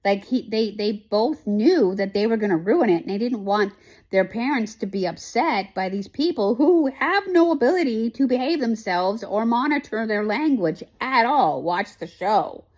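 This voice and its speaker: A woman's voice: a little high, expressive, moderate pace, darkish tone. A woman hosting a casual chat, recapping a TV show with lots of emotion, rambling with many fillers and restarts. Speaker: host.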